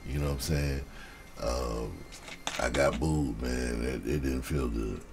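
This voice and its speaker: A man with a very low voice tells a stand-up story in a loose, casual way. His talk is profane and full of laughter, with plenty of "you know what I'm saying". Faint music plays underneath. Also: unhurried. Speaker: comedian.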